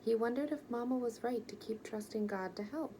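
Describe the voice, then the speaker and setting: A woman gently and expressively reading a children's picture book aloud. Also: on the high side, fairly quick, a little hiss or hum, rough recording. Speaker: storyteller.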